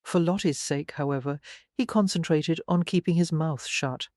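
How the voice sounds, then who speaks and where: An audiobook narrator reading a romance novel in a measured, even way. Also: mid-range voice, no echo, studio quality. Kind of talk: scripted narration.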